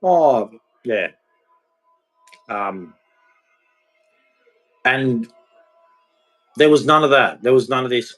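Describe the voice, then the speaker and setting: A man's voice: mid-range voice, normal speed, long pauses, rough recording. A man giving a blunt, rambling, emphatic monologue about relationships, speaking candidly as a podcast host.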